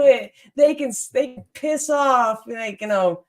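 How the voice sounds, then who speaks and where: A young adult woman hosting a casual chat, telling a story in a lively way, laughing often and acting out what people said. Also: medium pitch, moderate pace, few pauses. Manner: animated, laughs often, acts out quotes. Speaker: podcast host.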